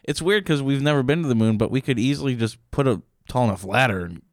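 A man co-hosting a podcast in casual chat, making absurd jokes in a deadpan way. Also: mid-range voice, fast, no echo, studio quality. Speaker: podcast co-host.

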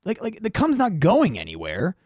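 A man's voice: moderate pace, no room sound, clean studio sound. A man with a New Jersey accent, co-hosting a podcast in casual, crude, joking chat. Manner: animated, jumps in pitch when excited, crude joking. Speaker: podcast co-host.

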